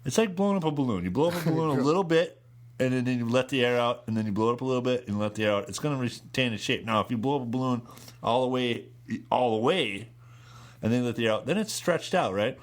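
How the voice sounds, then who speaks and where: A man's voice: medium pitch, fast. Rambling, foul-mouthed podcast man. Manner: rambling, profane, animated storyteller. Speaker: podcast co-host. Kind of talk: casual podcast chat. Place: home studio.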